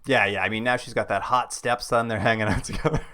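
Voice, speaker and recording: A man's voice: on the low side, fairly even intonation, fast talker, pushed and bright, clean tone. A man co-hosting a podcast, recapping a TV show in casual chat with wry jokes and frequent laughs. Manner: wry, joking asides, laughs often. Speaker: podcast co-host.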